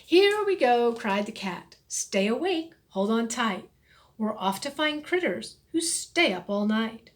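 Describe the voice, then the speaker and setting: A woman reading a rhyming picture book aloud in a slow, expressive storytelling voice. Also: on the high side. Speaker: storybook reader.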